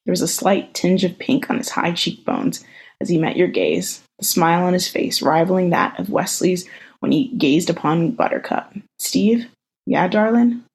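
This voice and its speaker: A woman co-hosting a podcast over a video call, reading a fan story aloud in an even, unhurried way. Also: fairly low pitch, breathy edge, rough recording. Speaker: podcast co-host.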